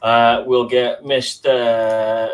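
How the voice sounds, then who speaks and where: A man's voice: medium pitch, little pitch movement, very slow. A man hosting a casual livestream, bantering in a friendly, matey way and swearing now and then. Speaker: livestream host.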